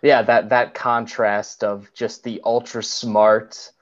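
A man's voice: on the low side, flat delivery, slow pace, highs cut off. A young man co-hosting a podcast, recapping a film scene in a rambling way full of "like"s. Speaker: podcast co-host. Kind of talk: casual film chat.

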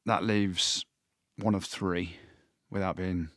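Animated man, lowish dry voice. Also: slow pace, no echo. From England. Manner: animated, emphatic, jokey. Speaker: podcast co-host. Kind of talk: casual sports chat.

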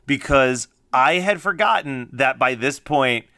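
A man's voice: medium pitch, expressive, a little slow, sharp tone, no echo, studio quality. A man co-hosting a casual podcast chat, laughing often and acting out quoted lines. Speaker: podcast co-host.

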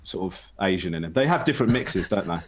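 Animated man telling stories. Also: low voice, fast. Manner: rambling storyteller, acts out quoted voices, laughs often. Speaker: podcast co-host. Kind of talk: casual chat.

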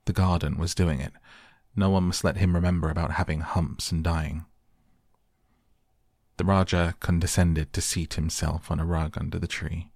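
A man reads a bedtime story in a calm, unhurried way. His voice is very low and gravelly, with a husky grain, and the sound is dry and close. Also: dry recording. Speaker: audiobook narrator. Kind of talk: soft bedtime story reading.

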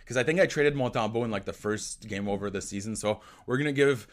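A man whose first language is French, hosting a hockey podcast in casual chat, excitable with quick asides. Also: on the low side. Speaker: host.

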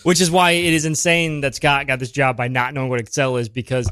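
A man chatting casually as a podcast guest. He rambles and hedges, with an ordinary middle pitch. The sound is dry and close. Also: little pitch movement, brisk, a bit bright, clean tone, no room sound. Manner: rambling, hedging with "like". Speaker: guest improviser. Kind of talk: casual chat and improv scene.

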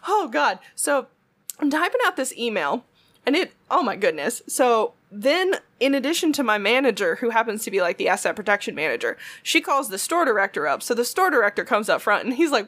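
Animated storytelling woman, higher voice. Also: normal speed. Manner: animated, swears freely, acts out quotes. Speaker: retail worker telling a story. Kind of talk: casual storytelling chat.

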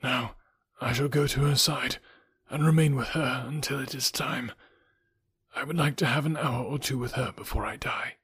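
A man voicing a dying English gentleman. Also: mid-range voice, normal speed, no room sound, pitched above the performer's own voice. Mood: faint. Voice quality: weak, breathy.

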